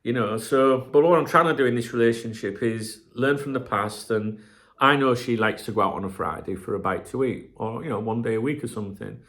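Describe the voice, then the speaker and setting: A man's voice: mid-range voice, brisk, a bit bright. A middle-aged man, talking to camera in a rambling, sweary, casual chat as a channel host.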